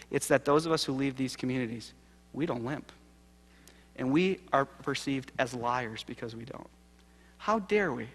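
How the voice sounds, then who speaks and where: A man giving a sermon-style keynote, telling a story with acted quotes and swinging from loud to hushed. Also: medium pitch. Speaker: keynote speaker. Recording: live lecture hall reverb.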